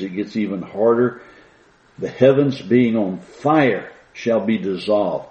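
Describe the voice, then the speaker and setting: A man preaching in a low, mellow voice, leaning hard on each line of scripture and drawing it out for weight. He is recorded in a roomy space with a dull, muffled tone. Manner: slow, emphatic reading of scripture with rising stress. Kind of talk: sermon.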